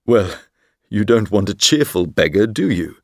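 A man doing a relaxed, teasing painter. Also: on the low side, a little slow, gravelly, no room sound, clean studio sound, pitched below the performer's own voice, full character voice. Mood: amused.

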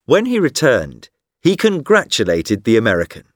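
A man giving scripted narration for a textbook listening exercise, reading slowly, clearly and expressively into a studio microphone. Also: mid-range voice, huge pitch swings, no echo.

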